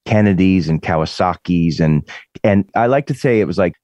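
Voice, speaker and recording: A man's voice: low voice, normal speed, no room sound. A man in his forties from the Boston area, a musician chatting in an interview, rambling with many restarts. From Boston area, USA. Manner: rambling, restarts, animated impressions. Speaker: musician guest. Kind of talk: casual interview chat.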